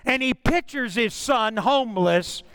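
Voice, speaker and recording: Pastor with a high voice. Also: male voice, lively intonation, measured pace, fairly bright tone, clean tone. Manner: storytelling, conversational with frequent restarts. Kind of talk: sermon.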